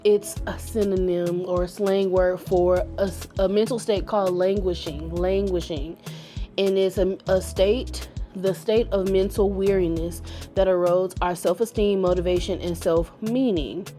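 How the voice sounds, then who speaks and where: Mellow-voiced woman chatting playfully. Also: fairly low pitch, steady tone, a little slow, soft background music. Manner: playful, laughs often, informal slang. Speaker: YouTube channel host. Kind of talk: casual chat to camera.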